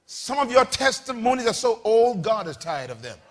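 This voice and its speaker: A man preaching a sermon to a congregation, with call-and-response lines, shouting and rising to big peaks. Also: very high-pitched, big pitch swings, normal speed, a little hiss or hum. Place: church with congregation.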